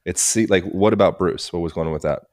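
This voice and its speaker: A man with a very deep voice hosts a podcast interview. He asks his questions haltingly and gropes for the right terms as he goes. The sound is dry and close. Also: a little mellow, no room sound. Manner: halting, searches for words while asking questions. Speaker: podcast host.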